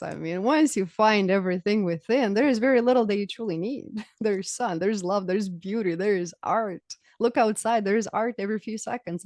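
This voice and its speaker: Expressive woman guest, low dry voice. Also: dry recording. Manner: expressive, emphatic, laughs easily. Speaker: podcast guest, spiritual teacher. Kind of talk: casual podcast conversation.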